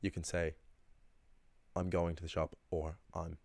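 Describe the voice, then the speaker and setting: A man's voice: low-pitched, little pitch movement, measured pace, vocal fry, darkish tone, no room sound. A man teaching a casual language lesson, chatty and rambling, with frequent ums and restarts.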